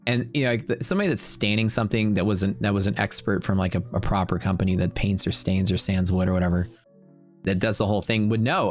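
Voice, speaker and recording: A livestream host with a lowish, steady voice tells a long story at a quick clip. He rambles casually, filling it with filler words and quoted back-and-forth exchanges, while soft music plays in the background.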